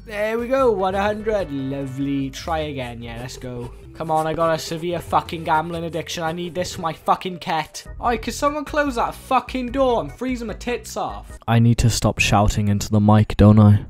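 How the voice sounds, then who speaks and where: A young man giving crude, jokey commentary while playing a game, with sudden shouted outbursts. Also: a little high, lively intonation, moderate pace, hardly any pauses, soft background music. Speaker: gaming YouTuber. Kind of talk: let's-play commentary.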